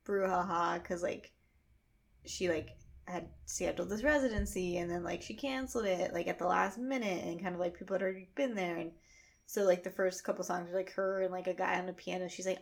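A woman in her thirties co-hosting a casual podcast chat, telling animated stories with many fillers. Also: fairly low pitch, fairly quick, creaky. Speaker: podcast co-host.

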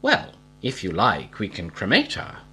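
A man's voice: lowish voice, huge pitch swings, a little slow, sharp tone, husky, heavily acted. A man doing a bossy little girl. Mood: matter-of-fact. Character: bold inventive young girl, bossy.

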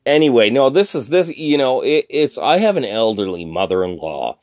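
A man who has been drinking rants in a heated, profane outburst, restarting his sentences and swearing constantly. His pitch sits in an ordinary middle range. The recording is dry and close, with no room sound. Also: very animated, moderate pace, a little mellow, no room sound. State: drunk. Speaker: thrift shop worker. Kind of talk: angry profane rant.

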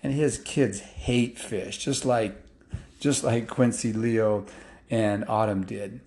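A man telling a story in a loose, casual way, with restarts and fillers, picking up excitement as the action builds. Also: fairly low pitch, takes it slowly.

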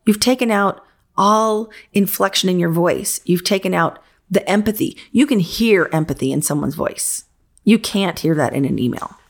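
A woman's voice: on the low side, normal speed, gravelly. A woman coaching interior designers in casual, frank podcast advice, talking in a conversational, emphatic way.

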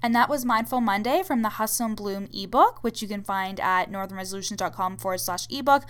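A woman hosts a self-help podcast with a smooth, clear voice. She speaks calmly and earnestly, offering encouragement the way a life coach does. Her voice sits at an ordinary middle pitch. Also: brisk.

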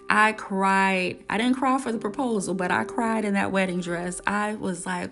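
A woman's voice: mid-range voice, moderate pace, few pauses, fairly bright tone, soft background music. A woman earnestly telling a personal story, repeating her phrases and acting out old conversations. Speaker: speaker sharing her life story.

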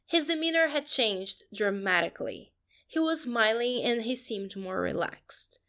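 A woman, reading a fanfiction story aloud in a steady, even way. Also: on the high side, unhurried. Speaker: podcast host and reader.

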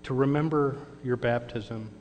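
A man's voice: medium pitch, unhurried, darkish tone. A man giving a sermon testimony, storytelling and acting out the dialogue. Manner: storytelling, acts out quoted dialogue. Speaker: lay speaker giving testimony. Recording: reverberant hall with mains hum.

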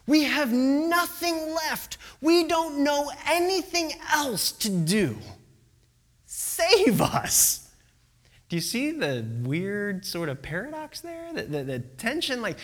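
Animated, slow-paced preacher. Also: mid-range voice. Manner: animated storyteller who acts out quotes; asks the listeners questions. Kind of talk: sermon.

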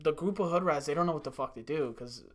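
A man's voice: on the high side, quick pace. A young man rambling through a profane workplace story in casual chat, full of "like". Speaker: storyteller, former restaurant worker.

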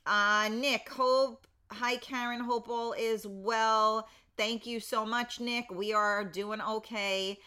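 A woman's voice: medium pitch, takes it slowly, sharp tone, clean tone. A woman around fifty hosting a casual live stream, chatty and reading viewers' comments aloud with lots of fillers, a little foggy and in pain. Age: 50s. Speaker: livestream host.

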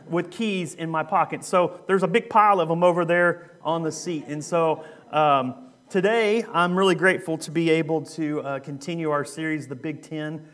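High-voiced young man preaching casually. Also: fairly even intonation, moderate pace, fairly bright tone. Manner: conversational, joking, with frequent fillers. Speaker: youth minister. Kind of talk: sermon with a humorous story.

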